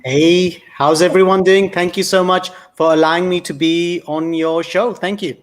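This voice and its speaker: Earnest man with a fairly high voice. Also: fairly even intonation, normal speed. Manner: earnest, reflective, with restarts. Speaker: guest speaker. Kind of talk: conversational monologue.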